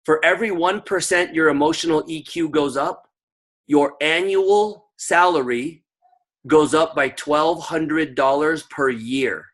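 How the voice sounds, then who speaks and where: A man with a bright, forceful voice pitched a little high runs a sales training over a video call. He coaches with emphatic energy, sprinkling in fillers and quick asides to his listeners. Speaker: network marketing trainer. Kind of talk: online sales training session.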